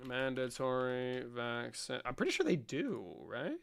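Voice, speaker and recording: A man's voice: medium pitch, sing-song, measured pace, vocal fry, a bit bright, a little hiss or hum. A young man from Mexico streaming from his room, talking casually to his chat, swearing, mocking and breaking into laughter. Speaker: livestreamer.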